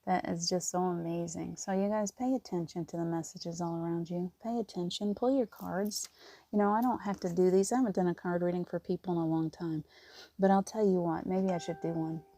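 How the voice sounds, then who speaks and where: A woman giving gentle spiritual encouragement in casual live talk, rambling with restarts and often near tears. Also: fairly low pitch, fairly even intonation, fairly quick, no room sound. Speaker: spiritual reader.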